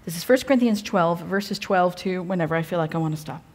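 At a church evening service, a woman preaches as a guest, talking fast in a lowish voice. She's chatty and humorous, often breaking off mid-thought to restart or crack a joke.

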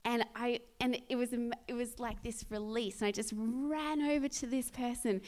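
A woman's voice: high voice, moderate pace, fairly bright tone. A young woman preaching a sermon, earnest and conversational, telling a personal story with many restarts and sudden bursts of energy. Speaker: speaker at a church.

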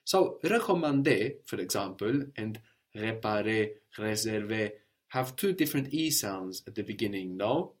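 A man's voice: fairly low pitch, expressive, a little slow. A man teaching a spoken language lesson, patiently explaining sounds and prompting his learner with questions.

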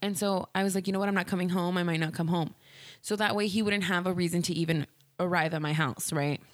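A woman talks straight into a close, dry mic, hosting her own podcast. Her voice sits a bit low, and she rambles candidly, padding her sentences with "like" and restarting often. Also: fairly even intonation, fast talker, dry recording. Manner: candid, rambling, heavy use of "like". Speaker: podcast host. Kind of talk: casual solo podcast storytelling.

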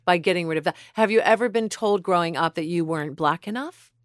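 A woman co-hosting a podcast in casual chat, prompting with quick, teasing questions. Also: lowish voice, no echo, studio quality. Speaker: podcast co-host.

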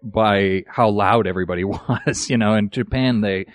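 A man's voice: on the low side, normal speed, no room sound, clean studio sound. A man guest on a podcast, chatting casually and self-deprecatingly about his acting career, full of asides. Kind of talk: casual interview chat.

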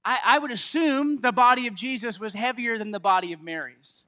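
Guy preaching a sermon, high pitched and kinda sharp, gets loud and emphatic. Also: brisk. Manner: animated, building to loud emphatic stretches. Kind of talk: sermon with scripture reading.

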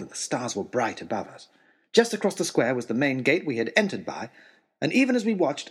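A man narrating a children's adventure story in an expressive storytelling way. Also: mid-range voice, slightly rough.

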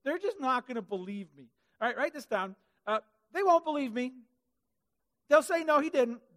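Animated preacher with a lively high voice. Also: male voice, moderate pace. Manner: animated, acts out Bible characters with comic voices. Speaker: pastor. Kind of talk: sermon. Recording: hall reverb.

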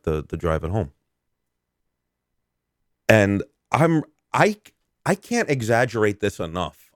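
A man's voice: fairly low pitch, dry recording, studio quality. A man hosting a podcast, telling a story casually and rambling with frequent restarts, amused at himself. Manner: self-amused. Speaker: podcast host.

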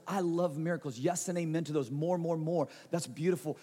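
A high-voiced man delivers a sermon, sometimes loud and emphatic, sometimes dropping to a soft, intimate storytelling tone. His voice rings out with a long reverb, as in a large hall. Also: moderate pace. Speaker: pastor.

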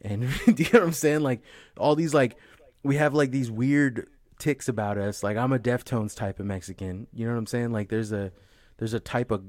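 A man's voice: medium pitch, normal speed, darkish tone, no room sound. A young man from the Bay Area, rambling in casual comedic chat, swearing a lot and saying "you know what I'm saying". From San Francisco Bay Area.

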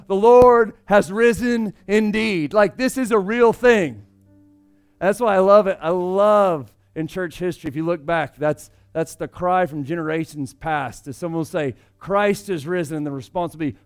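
High-voiced male pastor, casual sermon delivery, big dynamic swings, soft music underneath. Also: clean tone. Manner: conversational, swings between loud emphasis and hushed asides.

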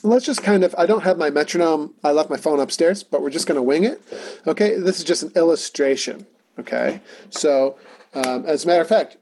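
A man's voice: fairly high pitch, expressive, fairly quick, darkish tone, slight background noise. A man teaching a casual music lesson, talking through rhythms and singing them on simple syllables. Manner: talky, encouraging, sings rhythm syllables.

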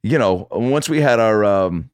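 A man with a fairly low, unhurried voice, recorded with no echo, chats casually as a guest on a podcast. He's an animated storyteller, full of swearing and acted-out quotes.

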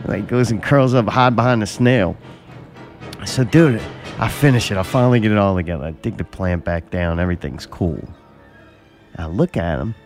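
A man's voice: on the low side, normal speed, a little mellow, faint music behind. A man in casual chat, telling a rambling, profane story about his pet fish.

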